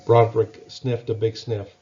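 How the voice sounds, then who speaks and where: A man reading a children's Bible story aloud, gentle and expressive, asking his young listeners questions. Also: on the low side, measured pace, lo-fi sound.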